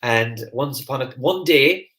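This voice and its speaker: Fast-talking man with a Kerry accent. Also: medium pitch, roomy sound. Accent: Irish, Kerry. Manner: fast, energetic, chatty, many fillers and restarts. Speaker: host of a live online masterclass. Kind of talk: live-stream talk to viewers, reading the chat.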